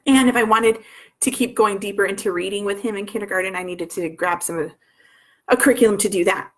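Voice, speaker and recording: A woman's voice: medium pitch, steady tone, fast talker. A woman in her thirties, a homeschooling mother telling her story in a rambling way, full of restarts and asides. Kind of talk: personal storytelling.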